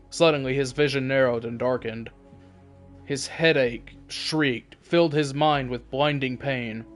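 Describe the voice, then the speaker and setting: A man hosting a game video, reading story lore aloud in steady narration with casual asides. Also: mid-range voice. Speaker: let's play host.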